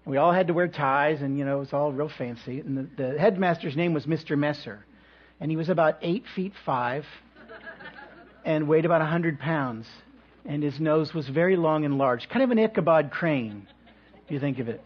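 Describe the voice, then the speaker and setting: A male pastor preaches a sermon in a church, pacing his thoughts with reflective pauses and touches of light humor. His voice sits on the higher side and carries a slight huskiness. The recording sounds dull and lo-fi.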